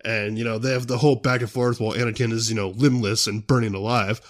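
A man's voice: lowish voice, fairly even intonation, fast. A young man hosting his own show, chatting casually and rambling a lot. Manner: rambling, full of "you know" fillers. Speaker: show host. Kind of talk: casual solo chat.

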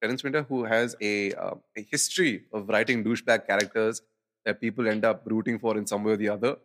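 A man's voice: on the low side, steady tone, fast talker, fairly bright tone, slight background noise. A man co-hosting a podcast, chatting casually about films and rambling through fillers and restarts. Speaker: podcast co-host. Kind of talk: casual film chat.

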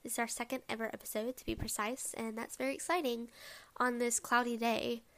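A woman's voice: on the high side, level tone, a little fast, fairly bright tone. A young woman hosting her own podcast, chatting casually and rambling with lots of asides. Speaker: podcast host. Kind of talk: casual solo podcast chat.

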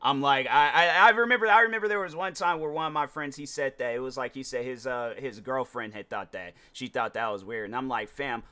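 A man's voice: medium pitch, fairly quick, few pauses, pushed and bright, clear, resonant tone. A young man hosting a podcast, talking casually in a rambling way, full of restarts and slang. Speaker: podcast host. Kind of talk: casual solo commentary.

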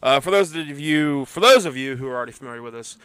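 A man's voice: medium pitch, expressive, quick pace, a bit bright, clear, resonant tone, dry recording. A middle-aged man co-hosting a casual podcast, laid-back and joking, with plenty of "uh" and "like". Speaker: podcast co-host.

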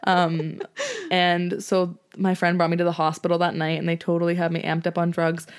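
A woman's voice: lowish voice, monotone, normal speed, clean tone. A woman co-hosting a casual chat, telling stories full of fillers and acting out quoted voices. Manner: chatty storyteller, acts out quoted voices, filler-heavy.

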